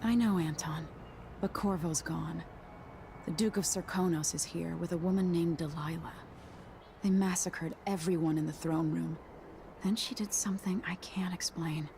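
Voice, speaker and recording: An actress voicing a young deposed empress in a video game, determined and guarded, with a steady, resolute delivery. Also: female voice, lowish voice, moderate pace, gravelly, slight background noise. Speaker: game character.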